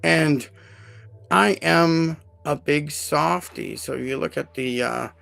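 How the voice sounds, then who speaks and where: Very gravelly-voiced man telling stories. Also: a little high, takes it slowly, no echo. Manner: emotional, animated retelling with many fillers. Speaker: podcast host. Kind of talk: casual live podcast storytelling.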